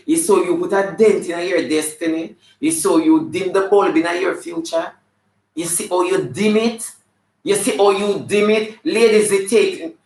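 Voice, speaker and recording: A man's voice: high-pitched, reverberant, low-quality recording. A man with a Jamaican accent doing live comedy, sassy and scolding in a flamboyant way, breaking into snatches of song. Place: live show venue.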